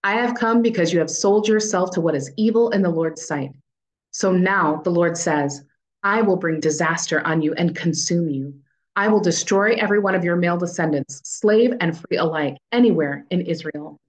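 A woman reading the words of a stern prophet delivering judgment, slowly and solemnly. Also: fairly low pitch, lightly acted, rough recording.

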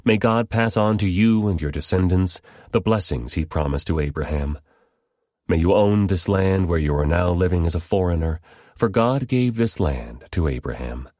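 A man voicing an aged, grave father who speaks in slow, solemn pronouncements. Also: low voice, expressive, a little mellow, no room sound, studio quality.

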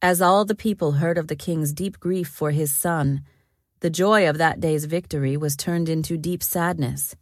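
A woman narrating a Bible story in a calm, scripted reading. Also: low voice, moderate pace, no room sound, clean studio sound. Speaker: Bible reader.

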